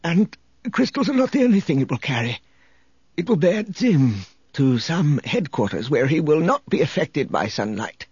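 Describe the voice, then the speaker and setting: A man voicing a weary, remorseful older man who speaks in a hushed, confessional way. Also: on the high side, sing-song, moderate pace, husky, dry recording, highs cut off, voice pushed up. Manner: hushed, confessional, sinking to a whisper.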